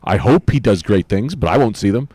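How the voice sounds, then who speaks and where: A man's voice: on the low side, big pitch swings, brisk, a little mellow, dry recording. A middle-aged man, a guest comedian in casual podcast chat, telling crude, riffing, joking stories.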